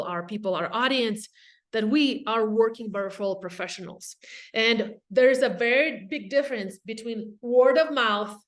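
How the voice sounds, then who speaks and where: A woman from Russia with a Russian accent, giving a casual, energetic webinar talk on real estate, with quick asides to the audience. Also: medium pitch. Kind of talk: casual presentation.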